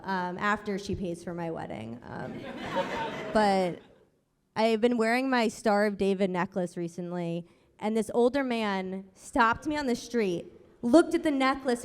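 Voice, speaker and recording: New York woman comic, self-mocking stand-up delivery, live room with noise behind. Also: on the high side. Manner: quick, sarcastic, self-deprecating. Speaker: stand-up comedian. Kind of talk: stand-up set. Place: comedy club stage, audience laughing. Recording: live club recording, long reverb, audible noise.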